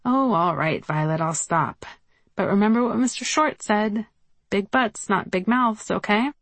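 A woman's voice: medium pitch, unhurried, a bit bright, no room sound, voice pushed up. A woman voicing a cheerful, joking middle-aged father who teases his teenager's friends with goofy banter. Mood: teasing.

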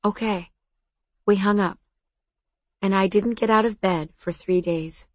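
A woman narrating a first-person novel in a soft, understated manner. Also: mid-range voice, unhurried, dry recording. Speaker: audiobook narrator.

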